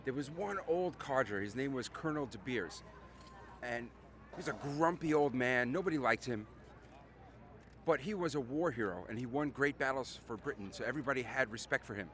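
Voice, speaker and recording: A man's voice: medium pitch, lively intonation, normal speed, fairly bright tone. A man telling a long joke to a camera with theatrical storyteller pacing, outdoors on a city street.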